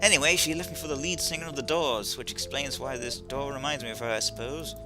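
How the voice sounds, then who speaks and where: A man voicing a sardonic gentleman cat burglar in a put-on British accent, deadpan and wry, for a video game. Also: mid-range voice, quick pace, music in the background, natural voice. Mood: rambling. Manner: dry, deadpan, wry asides. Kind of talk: video game voice-over reading.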